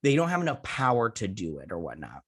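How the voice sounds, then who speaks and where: A man's voice: on the low side, wildly swooping pitch, fast talker, a bit bright, slightly rough. Rambling man recapping a TV episode. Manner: rambling, retells scenes with "he's like" quotes; self-mocking jokey asides. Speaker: host. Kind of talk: casual episode recap and review.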